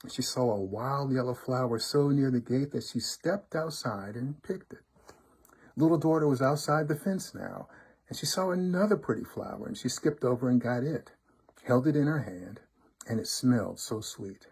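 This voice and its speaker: A man reading a folk tale aloud to listeners, with expressive, rhythmic storytelling. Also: mid-range voice, normal speed, slightly rough. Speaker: storybook reader, fraternity member.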